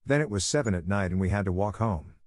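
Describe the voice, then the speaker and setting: A man with a fairly low voice reads stories aloud at a steady, even pace. The sound is dry and close, with no room around it. It suits a calm read-aloud channel. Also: fast talker, no echo. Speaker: narrator of online stories. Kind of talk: read-aloud story narration.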